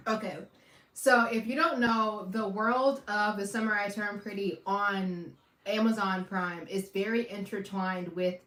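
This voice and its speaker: A woman hosting a watch party, giving casual reaction commentary and repeating phrases between loud outbursts and quiet asides. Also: medium pitch. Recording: echoey room, far from the mic.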